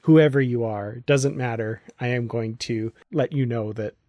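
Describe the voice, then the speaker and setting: A man's voice: mid-range voice, unhurried, warm tone, no room sound. Laughing male podcast host. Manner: laughs often, many fillers and restarts. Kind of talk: casual podcast chat.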